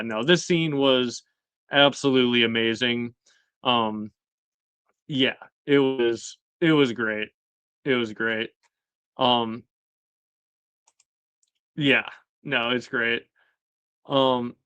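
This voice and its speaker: A man's voice: medium pitch, sharp tone, clean tone, no room sound. A man hosting a casual recap chat, rambling with many fillers and acting out quoted lines in shifting voices. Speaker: host recapping a TV episode.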